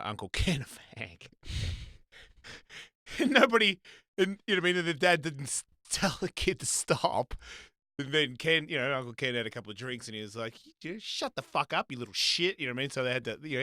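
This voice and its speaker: A man hosts a casual live stream, telling crude, rambling stories in a bright voice and acting out the people in them. The sound is dry, with little room echo. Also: medium pitch, expressive, brisk. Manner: crude, rambling storyteller with loud quoted voices. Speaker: host.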